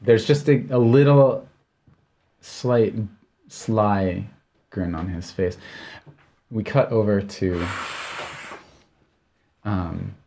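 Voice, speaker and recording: Acting as game master, a man with a voice on the low side narrates a tabletop game in a relaxed, halting manner full of fillers.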